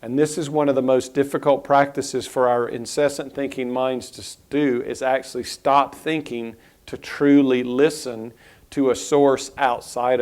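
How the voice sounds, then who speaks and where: A man teaching a spiritual lesson in a reflective, unhurried way, pausing and restarting his thoughts. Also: medium pitch, a little mellow.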